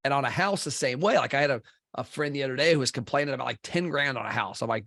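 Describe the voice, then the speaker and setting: A man's voice: medium pitch, fast, gravelly, fairly bright tone, no echo, studio quality. A middle-aged man from Kentucky, a marketing company head, talking bluntly and intensely as a podcast guest and swearing casually. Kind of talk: blunt conversational interview.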